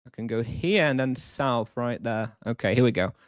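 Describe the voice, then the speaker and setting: A man's voice: mid-range voice, moderate pace, clean tone, no echo, clean studio sound. A man live-streaming a video game, thinking aloud, chatting casually and answering questions from chat.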